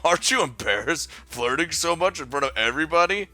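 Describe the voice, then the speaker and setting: A man's voice: on the high side, animated, a little fast, bright, forceful tone, pitched above the performer's own voice. A man voicing a snippy, judgmental teenage girl classmate with a sneering manner while reading a visual novel aloud.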